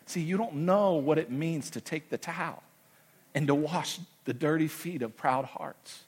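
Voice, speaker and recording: A middle-aged man preaching a sermon, telling stories with passion and swinging from loud declarations to hushed, near-whispered moments. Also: a little high, unhurried, husky. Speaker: pastor.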